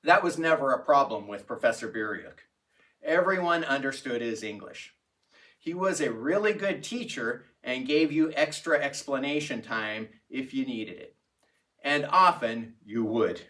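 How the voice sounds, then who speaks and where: A man narrating a personal anecdote in a reflective, unhurried storytelling manner. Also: mid-range voice, a bit bright, distant mic. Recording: voice set back from the mic.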